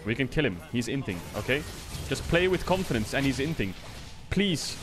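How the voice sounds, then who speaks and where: A man's voice: mid-range voice, animated, normal speed, music in the background. A young man streaming a video game and commenting live, exasperated with his teammates, swearing and laughing in disbelief.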